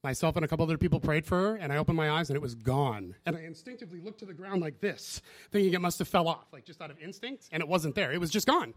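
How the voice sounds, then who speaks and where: A man gives a sermon story, bringing the people in it to life as he speaks. His voice sits a little high for a man, and the sound is dry and close. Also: fast, no room sound. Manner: animated storytelling, acts out dialogue. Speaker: preacher. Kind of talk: sermon testimony.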